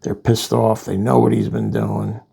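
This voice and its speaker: A man casually reviewing a comic book, rambling through the plot with asides, in a gravelly voice. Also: lowish voice, sing-song, unhurried, mellow.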